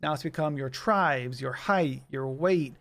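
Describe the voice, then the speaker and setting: A man's voice: mid-range voice, a little slow, gravelly, fairly bright tone. A man in his thirties, co-hosting a podcast, telling stories in a chatty way and laughing often. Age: 30s. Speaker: podcast co-host. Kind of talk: casual chat.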